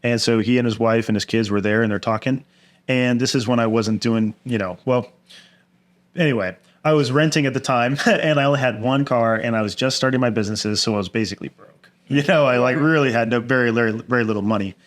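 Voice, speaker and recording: A man's voice: mid-range voice, a little fast. A man who is a guest in an interview, telling personal stories candidly and acting out other people's words in raised voices. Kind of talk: candid storytelling conversation.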